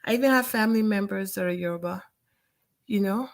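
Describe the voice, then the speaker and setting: A woman's voice: medium pitch, fairly quick, gravelly. A woman calling in to a talk show, earnest and defensive. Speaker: caller. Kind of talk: call-in talk.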